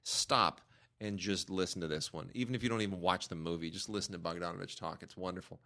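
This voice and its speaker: A man's voice: low voice, steady tone, fast, gravelly, bright, forceful tone. Enthusiastic man co-hosting a film podcast. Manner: enthusiastic, talks over his co-host. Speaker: podcast co-host. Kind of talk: casual film review chat.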